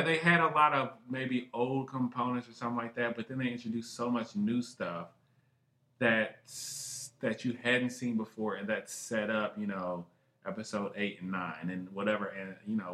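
A man co-hosting a podcast, chatting excitedly with lots of swearing, jumping from one thought to the next. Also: lowish voice. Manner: excitable, heavy swearing, jumps between thoughts. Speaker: podcast co-host. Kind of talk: casual chat. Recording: roomy echo.

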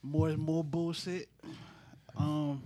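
A man's voice: fairly high pitch, level tone, slow pace, dark tone, dry recording. A young man hosting a podcast in casual, slangy, rambling chat. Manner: laid-back, slangy, rambling. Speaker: podcast host.

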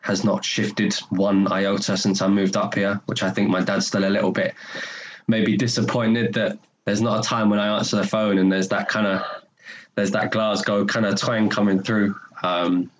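A man's voice: on the low side, little pitch movement, normal speed, lo-fi sound, slight background noise. A young man with a North London accent, a podcast guest chatting casually in an earnest, rambling way with many repeated words. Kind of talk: casual conversation.

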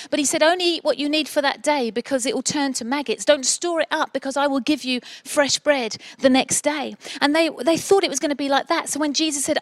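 Female preacher, high voice, earnest and encouraging, dry close recording. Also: no room sound. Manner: earnest, encouraging preaching with slow emphatic stresses. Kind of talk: sermon.

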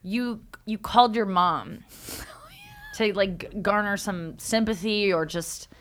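Bright-voiced woman guest chiming in. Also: medium pitch. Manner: quick, prompting interjections that steer the story. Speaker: podcast guest. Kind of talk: casual comedic chat.

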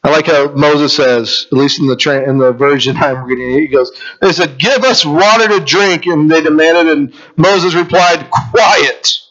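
A man's voice: fairly high pitch, steady tone, normal speed, few pauses, fairly bright tone, lo-fi sound. A man preaching a sermon as pastor, asking rhetorical questions and reading scripture aloud.

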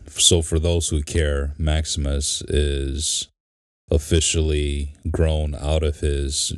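Very deep, unhurried man. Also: clear, resonant tone, no echo, clean studio sound. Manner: laid-back, joking, drawn-out delivery. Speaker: podcast co-host. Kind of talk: casual chat.

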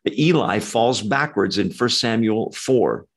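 Guy preaching, swings up loud then drops quiet, chatty asides to the crowd. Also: fairly low pitch, takes it slowly. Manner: animated, emphatic, conversational preaching with asides. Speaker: pastor. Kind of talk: sermon.

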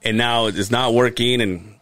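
A man's voice: mid-range voice, steady tone, a little slow, a bit bright. A man telling a long, rambling story in casual podcast chat, swearing and restarting often. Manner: rambling, profane, many restarts. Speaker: podcast co-host.

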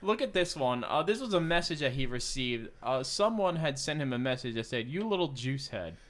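A man's voice: mid-range voice, expressive, a little fast, fairly bright tone. A man co-hosting a sports podcast in casual chat, reading tweets aloud and laughing along. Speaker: podcast co-host.

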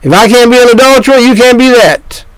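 A man's voice: very high voice, a little fast, clear, resonant tone, no echo, low-quality recording. An older man preaching a sermon, scolding his listeners with repeated points and rhetorical questions.

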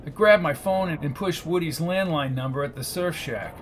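A man's voice: fairly high pitch, normal speed, slight background noise. A man narrating a first-person hard-boiled detective story in a wry, laid-back way.

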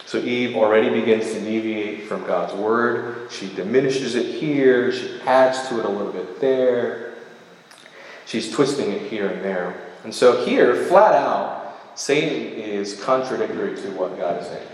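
A man's voice: lowish voice, measured pace, slight background noise. A man preaching a sermon, reading scripture verses aloud and stopping to explain them line by line. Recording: very echoey hall with long reverb.

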